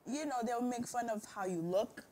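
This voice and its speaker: A woman's voice: a little high, normal speed, warm tone, a little hiss or hum. A young woman guest chatting casually and openly telling stories of growing up. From grew up abroad, Ghanaian parents. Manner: open, storytelling. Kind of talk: casual chat.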